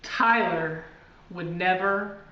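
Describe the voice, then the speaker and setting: Woman reading a spooky storybook slowly. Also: fairly low pitch, bright, forceful tone. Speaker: reader. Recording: distant, echoey, dull, faint hiss.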